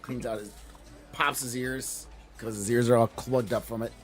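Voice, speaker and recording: A man's voice: mid-range voice, fairly even intonation, normal speed. A man narrating as dungeon master in a tabletop game, describing actions in detail and laughing often.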